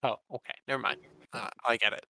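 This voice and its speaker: Gravelly, bright-voiced man at play. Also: mid-range voice, steady tone, quick pace, no room sound, poor audio. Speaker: tabletop game player. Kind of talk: in-character play and narration.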